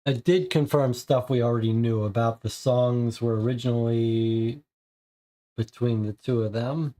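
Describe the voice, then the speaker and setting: A man hosting a live board game stream, musing over clues at a mid-range pitch. He reads the card text aloud and answers his chat in an easygoing, casual way. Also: steady tone, measured pace, mellow. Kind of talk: live game playthrough, reading cards and chat.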